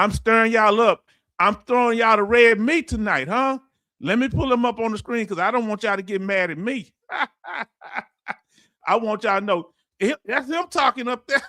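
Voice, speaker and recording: A middle-aged man with a Houston accent chats through his live stream, reading out viewers' comments. His voice sits high and bright, and the sound is close and dry. He talks in a folksy, animated way, laughs easily, and calls his audience family. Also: no echo. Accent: Houston, Texas. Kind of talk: casual live-stream chat.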